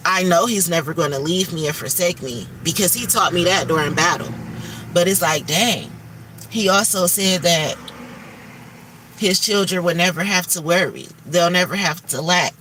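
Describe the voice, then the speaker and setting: Bright-voiced woman's candid livestream talk. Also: fairly low pitch, normal speed, far from the mic, slight background noise. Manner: candid, emphatic, swears freely, spiritual talk. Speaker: livestream host.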